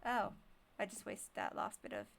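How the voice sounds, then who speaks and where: Bright-voiced woman streaming gameplay. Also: mid-range voice, very animated, normal speed, creaky, slight background noise. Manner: chatty, easily spooked, talks to herself. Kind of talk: live gameplay commentary. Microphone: desk microphone.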